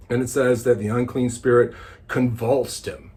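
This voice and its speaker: A man teaching a daily devotional Bible study, retelling the story with animated, dramatic storytelling. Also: medium pitch, moderate pace.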